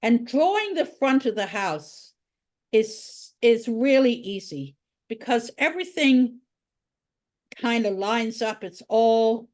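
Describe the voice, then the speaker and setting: A woman's voice: a little high, lively intonation, slow pace, darkish tone. A woman art teacher giving a drawing tutorial, talking chattily and thinking aloud as she draws.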